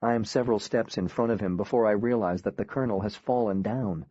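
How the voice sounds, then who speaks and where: A man reading a first-person audiobook in a quiet, grave, measured way. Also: on the low side, dry recording, lo-fi sound. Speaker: audiobook narrator.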